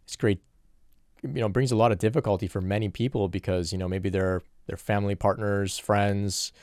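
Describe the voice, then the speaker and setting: A man's voice: on the low side, steady tone, moderate pace, darkish tone, dry recording, clean studio sound. A man in an earnest, reflective solo question-and-answer talk, working through spiritual questions from viewers.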